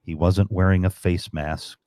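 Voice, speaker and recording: A man's voice: low voice, steady tone, unhurried, darkish tone, no room sound. A man from Chicago telling rambling, profane stories in a casual live-stream chat. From Chicago, USA.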